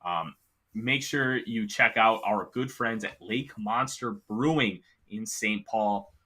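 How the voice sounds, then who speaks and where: A man's voice: lowish voice, slow pace, bright, forceful tone. A man hosting a casual sports talk show, giving emphatic, opinionated takes with the hiccups. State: has the hiccups. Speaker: podcast host.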